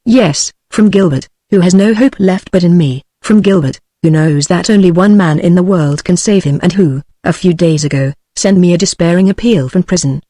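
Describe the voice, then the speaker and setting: A synthetic British woman's voice reading the lines of an anxious, grieving middle-aged mother in an even, measured way. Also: fairly low pitch, dry recording, clean studio sound, close to an everyday voice.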